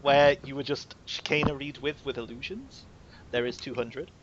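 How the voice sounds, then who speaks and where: A man's voice: medium pitch, steady tone, moderate pace, highs cut off, noisy background. A man running a tabletop game as game master, talking in a rambling, playful way with lots of fillers.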